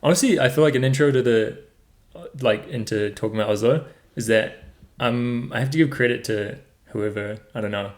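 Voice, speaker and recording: A man's voice: medium pitch, fairly quick, a little mellow. A young man with a New Zealand accent, co-hosting a casual podcast chat and laughing easily. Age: young adult. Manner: laid-back, laughs often. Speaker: podcast co-host.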